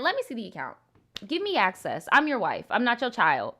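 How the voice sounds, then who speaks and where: A woman's voice: fairly high pitch, wildly swooping pitch, a little fast, pushed and bright. A young woman hosting a live advice stream, talking bluntly and animatedly with plenty of swearing. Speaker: live advice show host.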